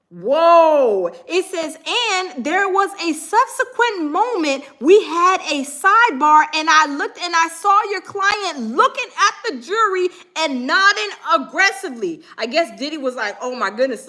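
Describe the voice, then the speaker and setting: A woman hosting a live stream who comments excitedly on breaking news in a chatty way and reads headlines aloud slowly. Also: extremely high pitch. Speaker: livestream host.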